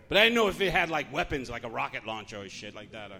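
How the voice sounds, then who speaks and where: A man's voice: a little high, racing, few pauses, pushed and bright, a faint crowd. A Puerto Rican man hosting a live stand-up comedy show, telling jokes and laughing along at his own material. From Puerto Rico. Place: comedy club stage.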